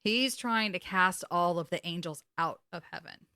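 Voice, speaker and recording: Woman podcast co-host, bright close-mic voice, lively storyteller who acts out the scenes. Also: lowish voice, normal speed, clean tone, no room sound. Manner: animated retelling, acts out characters, swears. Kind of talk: casual recap chat.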